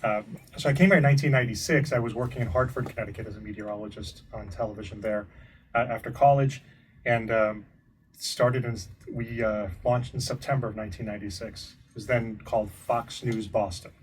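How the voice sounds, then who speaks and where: A man in his fifties talks easily as an interview guest, chatty and quick to laugh. His voice sits at an ordinary middle pitch. He is picked up by a mic set some way off, with faint noise underneath. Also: steady tone, recorded from a distance, low-quality recording. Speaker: guest, longtime TV meteorologist. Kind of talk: casual interview.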